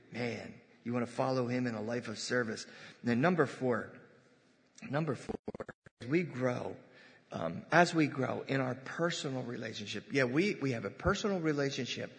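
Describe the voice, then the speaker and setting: A man's voice: medium pitch, creaky. A man preaching a sermon as pastor in a church, conversational, with asides and jokes to his congregation. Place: church sanctuary. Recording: long reverb of a church hall.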